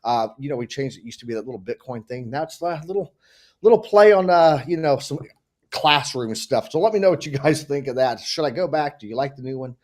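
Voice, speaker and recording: A man's voice: medium pitch, a little fast. A man hosting a live market and crypto stream, talking casually with hyped-up greetings. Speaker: show host.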